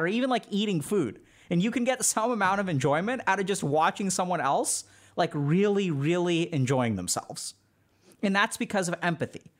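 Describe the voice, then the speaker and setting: Guy w a pretty high voice teaching his stream chat, super casual, says like a lot. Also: fairly bright tone. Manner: loose and conversational, heavy use of "like". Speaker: streamer teaching social skills. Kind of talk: casual spoken lecture to a live chat.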